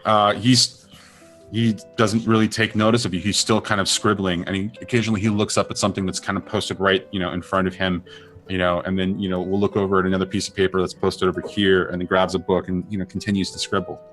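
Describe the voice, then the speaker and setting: Man, game master, deep low voice, rambling narration with restarts, faint music behind. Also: level tone, a bit bright. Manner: rambling, halting, many fillers and restarts.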